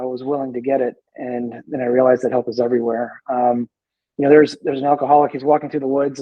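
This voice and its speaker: A veteran in recovery, appearing as a guest, chats casually in an interview with a husky, slightly breathy, medium-pitched voice. He tells his story easily, pausing often and circling back over what he said. The audio is dry and a little muffled, like a lo-fi remote call, with no room sound.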